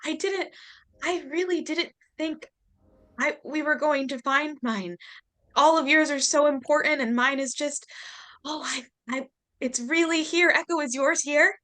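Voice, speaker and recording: A woman's voice: high voice, measured pace, sharp tone, pitched above the performer's own voice. A woman doing a stammering, tearful young heroine. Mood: tearful awe. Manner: stammering, breathless with emotion. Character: emotional young woman adventurer, tearful and overwhelmed.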